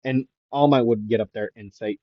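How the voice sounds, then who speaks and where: A man making up an anime fan-fiction story out loud, rambling with lots of fillers and self-corrections. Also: medium pitch, fairly even intonation, normal speed, no room sound. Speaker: anime YouTuber. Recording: dull lo-fi dry mic.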